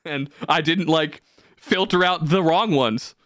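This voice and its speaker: A young man in casual podcast chat, talking with a fairly high, smooth and clear voice. His delivery is animated and he swears freely. The sound is dry and close. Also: unhurried, dry recording. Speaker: podcast host.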